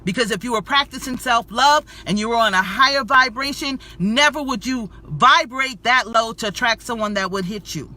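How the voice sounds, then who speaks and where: A woman's voice: a little high, moderate pace, few pauses, sharp tone. A woman giving an emotional personal testimony to camera as a health and spirituality vlogger, preachy and affirming, calling her viewers sweetie and y'all.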